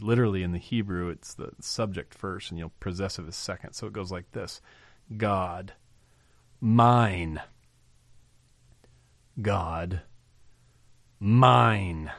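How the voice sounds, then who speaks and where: A man with a low voice explains scripture in a podcast-style Bible teaching. He talks in a thoughtful, explanatory way and poses rhetorical questions. The sound is dry and close. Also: no room sound.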